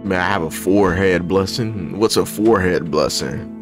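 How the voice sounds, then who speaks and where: A man's voice: deep voice, moderate pace, music in the background, lightly acted. A man voicing a folksy, talkative male cowboy in a put-on American country accent. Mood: folksy joking. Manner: drawling, folksy, jokey.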